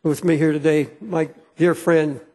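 A man's voice: a little high, fairly even intonation, unhurried, a little mellow, breathy edge. A man preaching a sermon as pastor, earnest and fervent, often restarting his phrases. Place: church sanctuary. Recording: long hall reverb.

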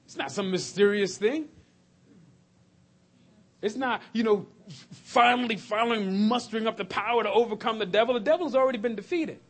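A man preaching a sermon to his congregation, animated, laughing and shouting at times. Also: high-pitched, normal speed, pauses often, slightly rough. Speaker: pastor. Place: church sanctuary.

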